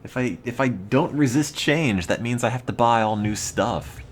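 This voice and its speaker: A man's voice: medium pitch, normal speed, a little hiss or hum. A young American man with an East Coast accent, rambling in a dry, mock-serious way while streaming a game. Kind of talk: casual gaming stream chat.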